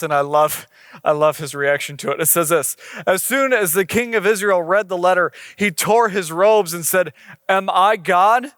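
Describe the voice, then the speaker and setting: A man gives a sermon, moving from scripture reading into relaxed, conversational explanation. His voice sits high for a man. The sound is dry and close, with no room echo. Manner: conversational preaching, reading scripture aloud with acted quotes. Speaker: pastor.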